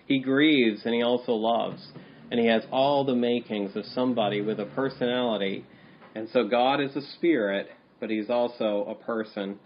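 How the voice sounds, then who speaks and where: A man's voice: mid-range voice, a little hiss or hum. A man preaching a sermon, stopping and restarting often with fillers like "um" and "uh". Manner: halting, repeats words, many fillers. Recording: slightly dull, lo-fi sound.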